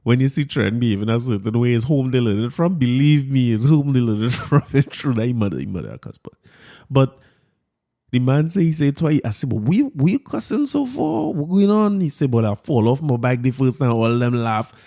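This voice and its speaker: Male podcast host, mellow voice, laughs his way through casual stories. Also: mid-range voice, a little fast. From Trinidad and Tobago. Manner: animated, laughs often while telling a story. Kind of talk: casual storytelling monologue.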